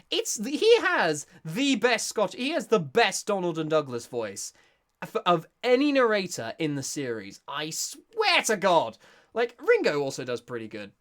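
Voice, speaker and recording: A British voice actor from Britain giving casual, excitable reaction commentary with many restarts. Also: mid-range voice. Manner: excitable, gushing, stumbling restarts.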